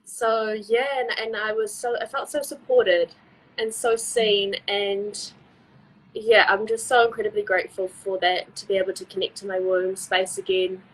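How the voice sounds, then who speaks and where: A woman's voice: medium pitch, little pitch movement, normal speed, a little hiss or hum, poor audio. A woman hosting a live online chat, talking in a gushing, effusive way full of fillers. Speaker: host of a live interview series. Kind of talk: casual chat on a live stream.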